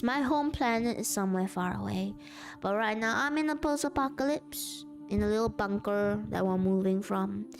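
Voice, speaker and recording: A woman's voice: medium pitch, vocal fry, darkish tone. A woman chatting casually on a live stream, rambling and laughing often.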